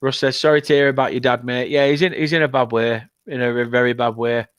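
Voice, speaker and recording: A man from England hosting a live football watchalong, reading out viewer comments in an excitable, emotional, chatty way. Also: mid-range voice, quick pace, clear, resonant tone, dry recording, studio quality. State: upset, has been crying. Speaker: football fan channel host.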